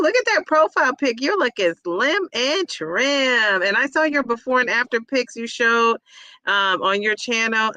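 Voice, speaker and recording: Chatty woman hosting a bright, dry livestream. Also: medium pitch, dry recording. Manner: chatty, reads comments aloud and repeats them, frequent laughs. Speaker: livestream host reading viewer comments. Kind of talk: casual livestream chat.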